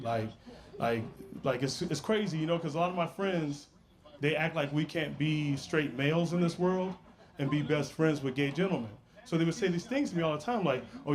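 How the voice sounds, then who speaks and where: A man doing a stand-up comedy set, telling stories in a brash, playful way with asides to the crowd. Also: on the high side.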